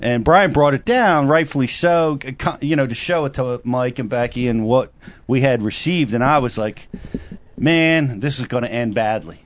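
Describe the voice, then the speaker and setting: A man co-hosting a talk show, telling long rambling stories in a casual, animated way. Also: mid-range voice, normal speed, highs cut off, slight background noise. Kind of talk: casual chat.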